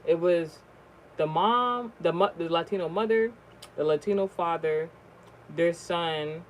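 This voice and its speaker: Telling a personal story at a measured pace, a vlogger rambles casually, swears often, and keeps restarting sentences amid lots of fillers. At the shocking moments the voice jumps high and loud. There's noticeable noise in the background.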